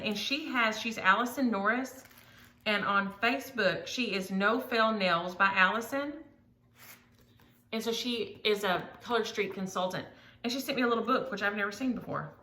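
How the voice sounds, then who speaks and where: Chatty woman vlogger, scattered and gushing; gravelly, roomy sound. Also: mid-range voice, sharp tone. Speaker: flosstube vlogger. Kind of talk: casual chat showing mail.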